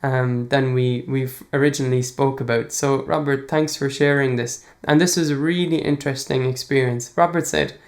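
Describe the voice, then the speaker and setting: A man's voice: medium pitch, steady tone, normal speed, hardly any pauses. An enthusiastic man, chatting casually as a podcast host and reading listener emails aloud. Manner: enthusiastic, chatty, laughs often.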